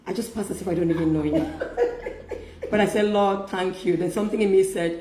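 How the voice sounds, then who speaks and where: Lively storytelling woman in an echoey room. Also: medium pitch, moderate pace, crowd noise. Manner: storytelling, animated, laughs often, quotes herself. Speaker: host. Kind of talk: casual faith-based conversation.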